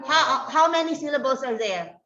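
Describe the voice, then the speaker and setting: Woman teacher, slightly high voice, slow and repetitive delivery, echoey classroom, lo-fi sound. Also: expressive, sharp tone. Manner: slow, repetitive, checks understanding with "okay?". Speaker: English teacher. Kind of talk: grammar lesson to a hybrid class. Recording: dull roomy classroom recording.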